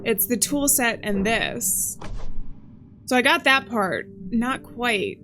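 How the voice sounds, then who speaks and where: A woman hosting a let's play, chatting casually and thinking aloud as she plays, with excitable gasps. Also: a little high, slow pace. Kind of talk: casual gameplay commentary. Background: game music.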